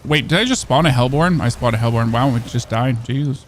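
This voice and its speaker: A man's voice: medium pitch, a little fast, slight background noise. A man from Germany with a German accent, chatting casually as he streams a game, rambling and joking and often restarting his sentences. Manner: chatty, rambling, jokey, repeats and self-corrects. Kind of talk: casual gameplay commentary.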